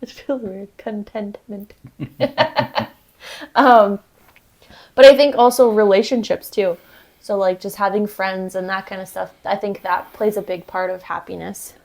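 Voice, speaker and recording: A woman's voice: mid-range voice, steady tone, unhurried, gravelly, darkish tone. Giggly, chatty woman co-host. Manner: chatty and giggly, many "like" fillers. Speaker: podcast co-host. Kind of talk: casual chat over drinks. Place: indoor podcast set, filmed.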